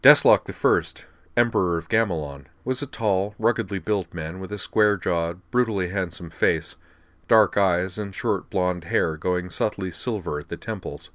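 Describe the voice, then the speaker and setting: A man narrating an audiobook in a steady, measured reading. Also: low-pitched, no echo. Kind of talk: scripted narration.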